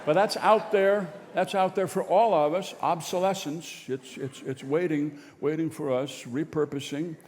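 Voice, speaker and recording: A man's voice: on the high side, fairly even intonation, measured pace, hardly any pauses, a little mellow, long reverb tail, slight background noise. A man hosting a live radio show and telling a wry, meandering tale.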